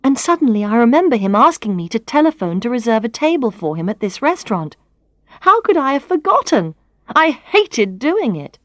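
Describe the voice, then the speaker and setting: Clear, expressive female narrator for a learners' story; dry studio sound. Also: fairly high pitch, fairly quick, hardly any pauses, no echo. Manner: expressive, clear, first-person reading.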